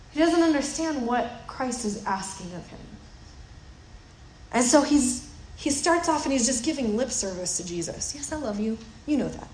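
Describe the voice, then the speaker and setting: A woman's voice: on the high side, a little mellow. A woman preaching a sermon in a conversational way, often repeating words as she thinks aloud. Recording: roomy echo with faint noise.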